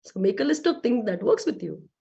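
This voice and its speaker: A woman giving a lively motivational talk to a business team, asking rhetorical questions. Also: mid-range voice, a little fast, creaky, highs cut off. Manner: lively, acts out quoted voices, rhetorical questions. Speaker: motivational speaker.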